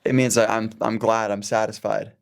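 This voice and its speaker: A man's voice: fairly low pitch, flat delivery, moderate pace, creaky. A man with an American accent, a guest on a casual podcast, talking in an easygoing, playful way as he guesses at slang. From United States. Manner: easygoing and playful, trying out phrases.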